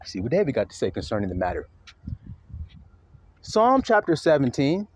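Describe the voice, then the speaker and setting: Animated, profane man preaching a sermon. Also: husky. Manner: swings from low asides to high mocking impressions, profane; reads scripture slowly and deliberately. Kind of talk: fiery sermon with scripture reading.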